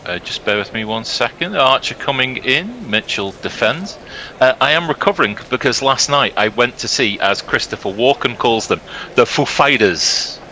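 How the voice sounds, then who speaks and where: A male cricket commentator giving brisk, upbeat ball-by-ball commentary and laughing easily. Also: medium pitch, animated, pushed and bright, a little hiss or hum, rough recording.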